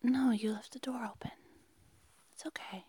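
A young adult woman in a whispered role-play, speaking in a hushed, coaxing, intimate breathy whisper. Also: on the high side, steady tone, normal speed. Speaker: audio role-play performer.

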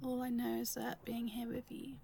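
A young woman in an audio role-play addressed to the listener, halting and stammering, emotional, swearing often. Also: fairly high pitch, monotone, vocal fry, mellow, a little hiss or hum.

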